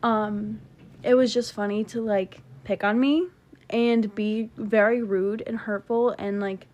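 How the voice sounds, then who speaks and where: A woman's voice: mid-range voice, fairly even intonation, a little slow, darkish tone, dull audio. A young woman casually telling a long, rambling breakup story, talking emphatically and cutting herself off. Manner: rambling, emphatic, self-interrupting. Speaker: TikTok storyteller.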